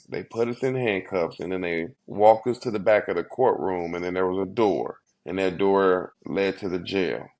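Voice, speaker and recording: Earnest low-voiced man telling his story. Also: a little mellow. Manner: earnest, heartfelt, quick bursts with slow emphatic pauses. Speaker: guest. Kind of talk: emotional storytelling interview.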